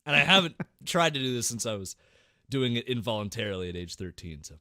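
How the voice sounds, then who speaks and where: Young guy on a podcast, super animated storyteller, bright voice, swears a lot, dry close sound. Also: mid-range voice, brisk, dry recording. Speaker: podcast co-host. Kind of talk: casual gaming story chat.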